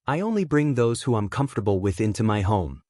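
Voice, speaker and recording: A man voicing a shy teenage boy who speaks calmly and firmly. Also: fairly low pitch, brisk, dry recording, clean studio sound. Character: shy teenage boy, finally standing firm.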